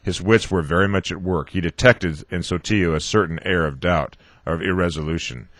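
Deep-voiced man reading haltingly. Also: a bit bright, dry recording. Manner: halting, with frequent restarts and filler sounds. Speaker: radio host reading a novel aloud. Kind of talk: audiobook-style reading.

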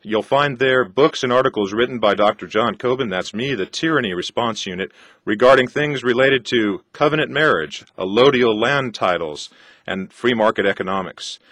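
A man, a radio host, reading a scripted promotion for his website in an earnest, deliberate way. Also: mid-range voice, fairly bright tone, no echo.

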